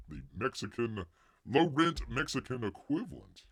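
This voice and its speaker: Swinging widely in pitch from a mid-range base, a man hosts a comics news live stream at normal speed, with studio-quality audio and no room sound. He's rambling and jokey, calls himself Bear in the third person, and mutters quiet asides.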